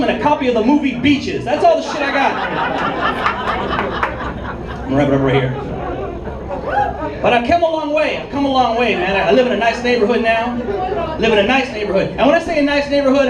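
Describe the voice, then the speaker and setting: Man, stand-up comedian, high voice, punchy conversational delivery, echoey room, crowd noise. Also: expressive, brisk, pauses often. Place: comedy club. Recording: echoey club from a distant mic with crowd noise.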